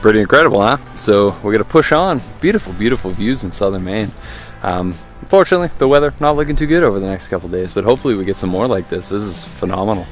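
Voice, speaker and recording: A man with a fairly low voice vlogs outdoors on a mountain trail, talking to a handheld camera in a loose, upbeat way. He fills his sentences with ums and likes, and faint music sits under the recording. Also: lively intonation, fast talker. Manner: easygoing, upbeat, many fillers. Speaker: hiking vlogger. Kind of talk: casual outdoor vlog narration.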